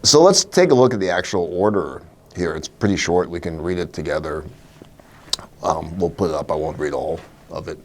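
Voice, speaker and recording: Low-voiced wry male legal commentator. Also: moderate pace, slight background noise. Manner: wry, animated, with short laughs and fillers. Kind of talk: solo video commentary.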